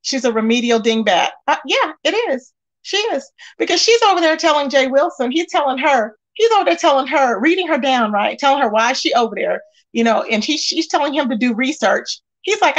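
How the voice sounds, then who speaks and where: Casting: high-pitched woman host, sassy, scolding gossip commentary. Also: animated, fairly quick, dull audio. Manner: sassy, emphatic, scolding asides. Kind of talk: casual gossip commentary reading chat.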